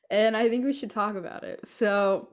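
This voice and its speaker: A woman's voice: medium pitch, fairly even intonation, unhurried. A young woman co-hosting a podcast from home, chatting casually and laughing often as she tells stories. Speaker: podcast co-host. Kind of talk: casual chat. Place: home room with a cat.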